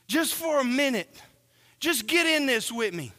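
A man preaching a sermon, slow and earnest, asking the congregation questions as he reads from scripture. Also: extremely high pitch, sing-song, sharp tone, in a large hall.

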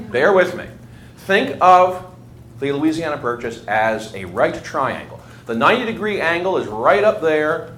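A man's voice: fairly high pitch, a bit bright. A man giving a conversational history lecture to a class, asking his students questions as he goes. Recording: echoey room, faint ambient noise.

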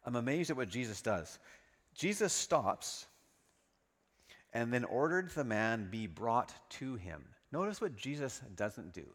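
Male pastor, animated sermon delivery, mid-pitched, long church-hall reverb. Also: a little slow. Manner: lively, dramatic storytelling.

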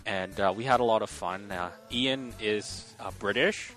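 A man's voice: on the low side, unhurried, fairly bright tone, soft background music. A man hosting a casual podcast chat who often stalls and repeats words. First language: Chinese. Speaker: podcast host.

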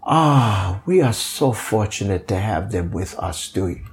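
Older Hawaiian man, pidgin-inflected English, lively storyteller, pitch jumping around. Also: slow pace, slight background noise. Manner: animated, acts out quoted voices, many fillers. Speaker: guest, kapa maker. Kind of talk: storytelling interview.

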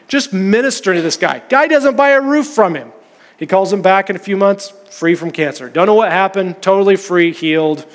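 High-voiced man preaching in a hall. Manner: storytelling, conversational preaching. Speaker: pastor. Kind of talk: sermon. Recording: long reverb of a church hall.

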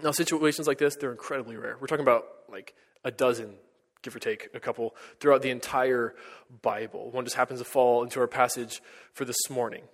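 Male pastor, mid-pitch, earnest sermon delivery, long church reverb. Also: steady tone, fairly quick. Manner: earnest, rising to emphatic peaks then dropping to hushed lines.

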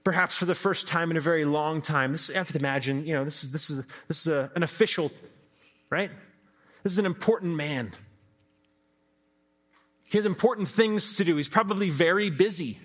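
A man's voice: fairly high pitch, fairly quick, long pauses, a bit bright. A man giving a devotional sermon in a reflective, conversational way, asking his listeners questions. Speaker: preacher.

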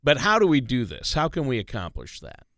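A man's voice: medium pitch, huge pitch swings, a little fast, fairly bright tone, no room sound, studio quality. A man co-hosting a money radio show, easygoing and jokey, with filler words. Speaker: radio co-host. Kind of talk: casual radio talk.

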